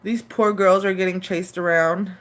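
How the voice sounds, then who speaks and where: A woman's voice: on the low side, fairly even intonation, normal speed. A woman in her thirties chatting casually on a live stream, loose and profane, rambling with lots of fillers and restarts.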